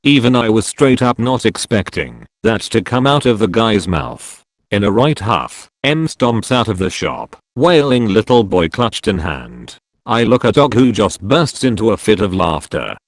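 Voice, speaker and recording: Man narrating stories, low and animated, dry close sound. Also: measured pace, no echo. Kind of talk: scripted story narration.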